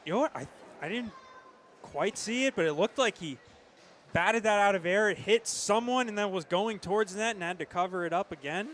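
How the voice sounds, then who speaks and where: A man giving hockey color commentary, talking through the plays in a relaxed way. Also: high voice, normal speed, slight background noise.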